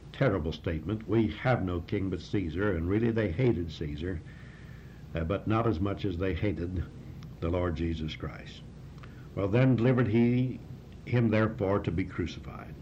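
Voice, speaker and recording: A man in the pulpit retells a scripture passage verse by verse, stopping to press a point with sudden emphasis. The recording is dull and lo-fi, with a faint hiss and a low rumble underneath. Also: a little slow, long pauses, a little mellow. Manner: retells and reads scripture with comments and rising emphasis. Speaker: preacher. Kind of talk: expository sermon on a scripture passage.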